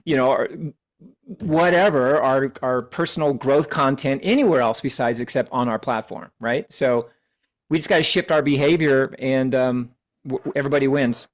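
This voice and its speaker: A man's voice: medium pitch, moderate pace. A man co-leading a sales team meeting on a video call, giving an earnest, preachy pep talk with frequent restarts.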